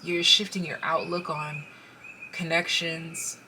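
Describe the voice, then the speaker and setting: A woman giving a casual pick-a-card tarot reading. She speaks straight to the viewer, gets excited, and interrupts herself as she pulls cards. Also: low-pitched, slow pace, a little hiss or hum.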